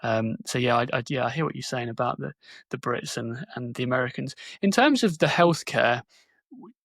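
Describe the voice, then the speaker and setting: A man's voice: medium pitch, animated, moderate pace, vocal fry, fairly bright tone, no echo, studio quality. A man hosting an interview podcast, direct and opinionated with a sardonic edge. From Britain. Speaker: podcast host.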